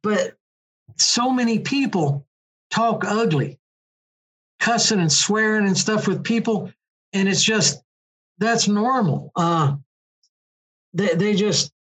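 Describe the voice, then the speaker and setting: A man's voice: sits high, lively intonation, slow pace, pauses often, a bit bright, slightly rough. An older man, a former motorcycle racer telling stories in a rambling, casual way. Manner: rambling storyteller, many restarts and fillers. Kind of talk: casual conversation. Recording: dull lo-fi recording.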